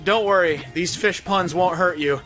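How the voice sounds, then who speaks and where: Imagine a man putting on a small creature comic firing off corny fish puns in a hammy stand-up manner. The voice stays close to his own, just a bit higher and livelier, with game music clear behind. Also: normal speed, natural voice. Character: small fish-punning male creature comedian.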